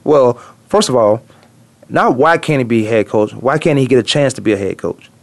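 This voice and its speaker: A man hosting a casual sports talk show, emphatic and teasing, dropping low for asides. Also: animated, moderate pace, vocal fry.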